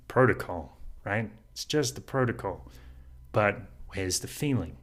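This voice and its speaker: Deep-voiced man musing with soft laughs. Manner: laughs often while talking, speaks unhurried and earnest. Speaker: podcast host. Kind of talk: reflective solo monologue.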